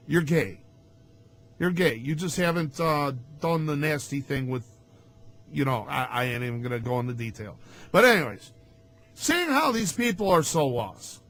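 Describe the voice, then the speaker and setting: A man's voice: high-pitched, fairly bright tone. A man in ministry giving a sarcastic, mocking rant to camera in a blunt monologue. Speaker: ministry vlogger. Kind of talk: ranting vlog monologue.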